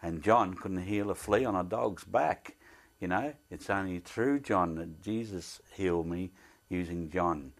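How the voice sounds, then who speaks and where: A man's voice: sits low, a little slow. An older man telling a personal story in a plain, earnest way, often speaking of his faith. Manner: plain-spoken storyteller, acts out the voices of others in his story. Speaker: interviewee.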